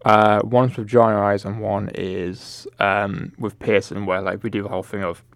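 A man's voice: lowish voice, little pitch movement, normal speed, no echo. A man in a casual film chat who talks in an easygoing way, full of "like" fillers. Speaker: podcast co-host.

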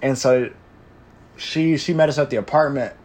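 Young man, casual storyteller, slangy and profane, rambling delivery, mid-pitched voice. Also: moderate pace, a little mellow. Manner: slangy, profane, says "bro" constantly; rambling with filler and restarts.

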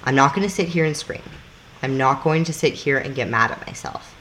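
With a brisk, medium-pitched voice that's a bit bright, this podcast co-host explains things casually, cursing freely and acting out small scenes. There's a slight hiss or hum.

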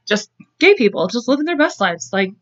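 A woman's voice: a little high, big pitch swings, brisk, no echo. A young woman co-hosting a podcast, telling a true-crime story casually, swearing freely and breaking off into asides. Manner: chatty, swears freely, self-interrupting with asides. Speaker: podcast co-host. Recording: muffled lo-fi dry mic.

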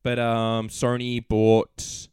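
A man's voice: medium pitch, monotone, drawn-out words, a little mellow, clear, resonant tone, no room sound, studio quality. A young Australian man hosting a casual gaming podcast, laid-back and joking. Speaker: podcast host.

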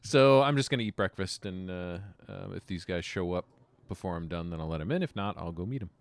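A man chatting casually as a tabletop game player, relaxed and joking, often trailing off mid-sentence. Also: low voice, fairly quick, no room sound. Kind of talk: casual chat.

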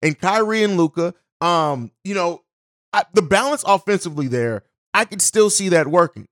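A male podcast host with a high-pitched voice talks through his opinions on his own. He is blunt and opinionated, swears casually and often restarts his sentences. The recording is dry, with no room sound. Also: animated, normal speed, fairly bright tone, dry recording. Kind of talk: casual solo commentary.

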